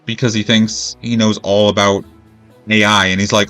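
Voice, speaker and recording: A man's voice: on the low side, lively intonation, normal speed, pushed and bright, faint music behind. Ranting, cussing gaming streamer man. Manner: profane, rambling, exasperated. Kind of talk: gameplay commentary rant.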